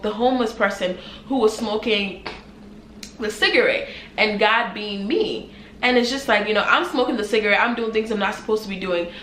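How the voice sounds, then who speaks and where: A woman's voice: mid-range voice, a bit bright. A young woman speaks straight to her camera, sharing a personal faith testimony in an earnest, emotional way. Her talk is unscripted and rambling, full of fillers. The sound bounces around a reverberant room, with a faint hum of background noise.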